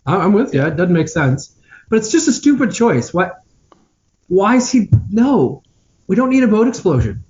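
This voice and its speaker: A high-voiced man whose pitch swoops up and down as he rants with exasperation in a casual podcast chat. The recording sounds dull and lo-fi. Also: normal speed. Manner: animated, exasperated ranting. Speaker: podcast co-host.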